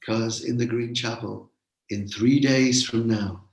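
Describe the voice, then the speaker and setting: A man's voice: mid-range voice, steady tone, slow pace, creaky, roomy sound, poor audio. A man voicing a weary young knight who talks earnestly about his duty. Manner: earnest and dutiful.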